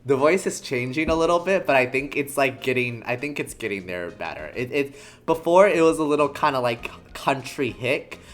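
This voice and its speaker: A woman's voice: a bass voice, animated, moderate pace, few pauses, soft background music. A woman streamer chatting playfully while playing through a game and laughing at herself. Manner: playful, self-mocking, laughs often. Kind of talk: casual game playthrough chat.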